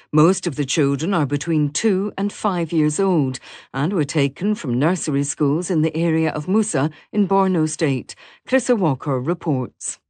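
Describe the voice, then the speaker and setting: A woman newsreader reading a scripted bulletin in a formal, even way. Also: low-pitched, no room sound.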